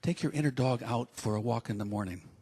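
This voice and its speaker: A man's voice: mid-range voice, fast talker, dark tone, husky. A man preaching a sermon as pastor, telling humorous stories with acted asides.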